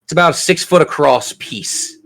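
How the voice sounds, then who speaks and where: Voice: mid-range voice, creaky, fairly bright tone. Laughing tabletop game master. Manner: playful, laughs often, slows down for dramatic narration.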